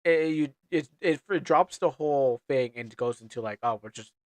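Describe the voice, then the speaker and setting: A male streamer talking through a game in loose, casual chat. His voice sits at an ordinary middle pitch, and he rambles, stammers and doubles back on his words. The sound is close and dry, with no room around it. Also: normal speed, no room sound.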